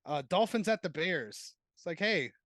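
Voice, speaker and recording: A man's voice: high-pitched, animated, moderate pace, fairly bright tone, dry recording. Male podcast co-host, casual sports banter, jokey and crude, lighter voice. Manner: joking, profane, laughs often.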